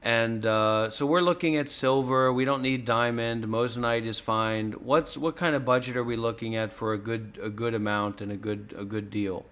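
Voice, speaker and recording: A man's voice: medium pitch, fairly even intonation, moderate pace, few pauses, a bit bright. A man hosting a casual stream, pressing with insistent, pointed questions. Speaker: host. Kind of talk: casual livestream chat.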